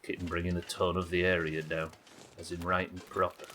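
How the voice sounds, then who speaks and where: A man's voice: low-pitched, monotone, a little fast, a bit bright, slight background noise. A man chatting and joking with viewers while playing a game on a live stream, swearing casually as he goes. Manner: chatty, jokey, swears casually, teases chat.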